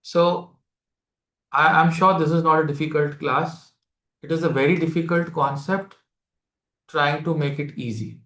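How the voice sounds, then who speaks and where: Indian-accented astrology teacher lecturing to students; mid pitch, echoey room sound. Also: steady tone, a little slow, long pauses, a bit bright. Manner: explanatory, repeats key phrases, mixes Hindi into English; addresses students directly with questions. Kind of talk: live masterclass lecture.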